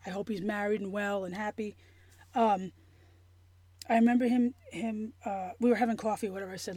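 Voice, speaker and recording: A woman telling a personal story in an interview, earnest and emotional, halting with many restarts and fillers. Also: medium pitch, fairly even intonation, dark tone, no echo. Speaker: interview guest.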